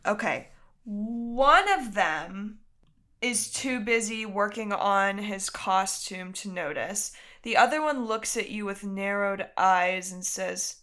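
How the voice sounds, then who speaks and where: Bright-voiced woman running a tabletop game. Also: mid-range voice. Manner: quick, stop-start. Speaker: game master.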